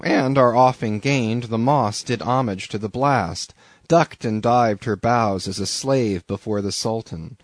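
A man reading a classic novel aloud as an audiobook narrator, in a slow, deliberate, measured way. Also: fairly low pitch, no echo.

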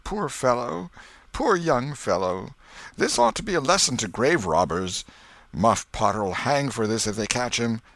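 A man voicing an excited small-town man who exclaims and moralizes. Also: medium pitch, a little slow, vocal fry, no echo, voice pushed up, full character voice. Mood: exclaiming.

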